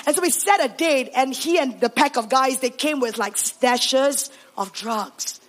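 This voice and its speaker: Woman, Singaporean accent, pastor, high voice, animated sermon storytelling. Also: a little slow. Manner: animated storytelling with Singlish particles. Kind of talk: sermon testimony.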